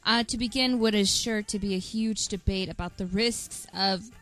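A woman's voice: medium pitch, moderate pace, a bit bright. A woman on a talk radio show reading a news item, with a few fillers.

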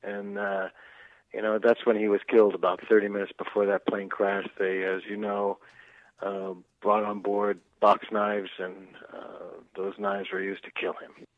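A man's voice: fairly low pitch, completely flat delivery, dry recording. Somber man on a tinny phone line. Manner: measured, somber, hesitant with "uh". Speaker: interviewee.

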